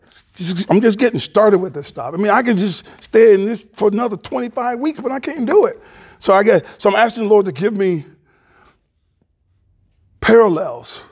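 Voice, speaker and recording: A male pastor preaching a sermon with animated preaching that drops to a hush. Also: sits high, vocal fry, breathy edge.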